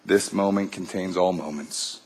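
A man voicing a stern male angel who speaks slowly, calmly and firmly. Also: low voice, husky, pitched below the performer's own voice, exaggerated voice. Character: stern fiery male angel, calm and relentless.

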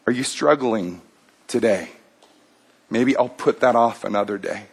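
A man's voice: fairly low pitch, a little slow, vocal fry, slightly rough. A male pastor preaching a sermon, retelling a story in a conversational way with fillers.

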